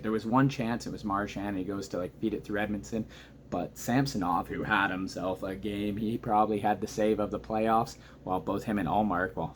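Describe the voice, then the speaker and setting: Hushed, wired low-voiced man. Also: slight background noise. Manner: talking quietly but wired and excitable, rambling recap. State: keyed up and emotional. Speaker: hockey fan reacting to a game. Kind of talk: excited post-game reaction monologue. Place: at home at night.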